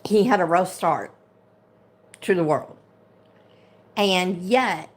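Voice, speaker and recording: A woman's voice: fairly low pitch, slow, pauses often. A woman hosting a casual livestream, ranting with indignation and greeting viewers by name as they join. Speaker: livestream host.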